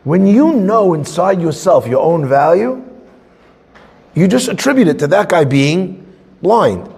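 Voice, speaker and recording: A man teaching a Torah class as a rabbi, conversational and animated, acting out little scenes. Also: high voice, measured pace, creaky, husky, big-room sound.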